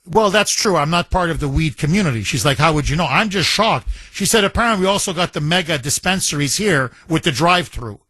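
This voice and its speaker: A man's voice: on the high side, expressive, a little fast, few pauses, bright, forceful tone, husky, no room sound. A man hosting a talk radio show, chatting animatedly with jokey asides and laughter. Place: radio studio. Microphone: studio microphone.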